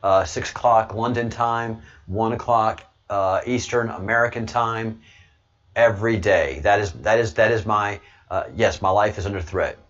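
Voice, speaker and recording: A man's voice: on the low side, moderate pace, a bit bright, muffled recording. A man hosting a casual livestream, rambling to his chat and stammering over repeated words with frequent chuckles. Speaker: livestream host reading chat.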